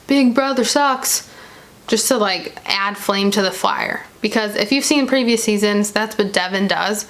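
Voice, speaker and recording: A young woman chatting casually as she recaps a reality show episode, retelling scenes with quick quoted asides. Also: mid-range voice, a bit bright.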